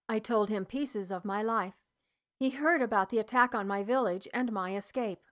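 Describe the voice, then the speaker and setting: A woman narrating a first-person historical novel in an even, measured storytelling voice. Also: medium pitch. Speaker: audiobook narrator.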